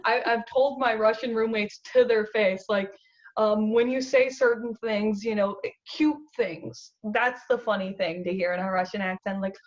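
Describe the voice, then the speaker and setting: A woman's voice: medium pitch, steady tone, normal speed. A young American woman telling stories in a casual interview, laughing often and acting out quotes. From United States. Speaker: guest model. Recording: dull lo-fi audio.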